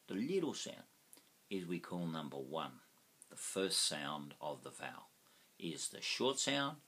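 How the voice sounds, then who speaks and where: An older Australian man teaching English pronunciation, repeating each vowel sound slowly for learners to copy. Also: very deep voice, pushed and bright, breathy edge. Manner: slow, drawn-out, repeats sounds for practice. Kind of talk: pronunciation lesson.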